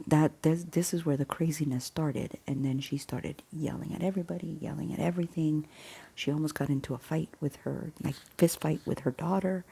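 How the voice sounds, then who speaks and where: A woman with a low, very husky and breathy voice, talking casually through a personal story. Her tone is dark and gravelly, and she often drops into a half-whisper, repeating words as she rambles on. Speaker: faith vlogger.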